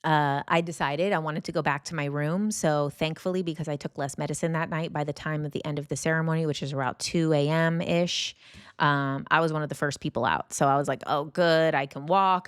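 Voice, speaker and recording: A woman host telling a personal story in a casual, rambling way, full of fillers and restarts, and lively when she acts out her reactions. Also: low-pitched, smooth, no room sound, clean studio sound. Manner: animated when acting out reactions. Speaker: podcast host.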